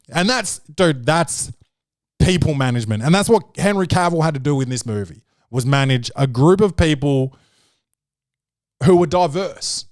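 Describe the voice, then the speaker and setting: A man hosting a comedy podcast from his own studio, rambling and swearing as he riffs. His voice sits at an ordinary pitch for a man. The sound is dry and close, with no room echo. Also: animated, normal speed. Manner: rambling, profane, jokey, slips into quoted voices. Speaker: podcast host. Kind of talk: comedic film-review podcast rant.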